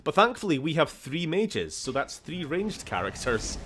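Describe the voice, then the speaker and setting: Man chatty scottish gamer, lively pitch. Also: normal speed, slight background noise. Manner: chatty, swears, laughs often, shifts tone a lot. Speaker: streamer. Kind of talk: casual gameplay commentary.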